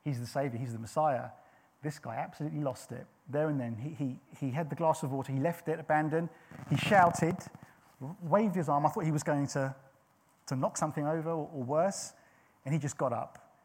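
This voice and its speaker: A man's voice: fairly high pitch, a little fast, husky. A middle-aged man preaching a sermon, telling a personal story in an earnest way with frequent restarts.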